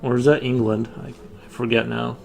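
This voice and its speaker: A man's voice: mid-range voice, level tone, moderate pace, vocal fry, darkish tone, faint music behind. A man chatting casually with his viewers while drawing on a livestream, rambling with frequent restarts. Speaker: livestream artist.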